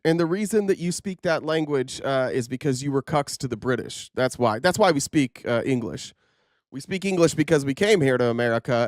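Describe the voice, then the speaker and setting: A man's voice: medium pitch, animated, a little fast, no room sound, clean studio sound. A man hosting casual news commentary, rambling and sarcastic with plenty of fillers. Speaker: commentary host.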